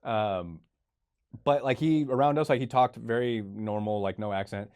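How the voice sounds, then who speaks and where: A man's voice: mid-range voice, normal speed, a little mellow, clear, resonant tone. A man from California hosting a podcast in a rambling, casual way that leans heavily on "like". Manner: rambling, heavy use of 'like'. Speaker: podcast host. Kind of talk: casual chat.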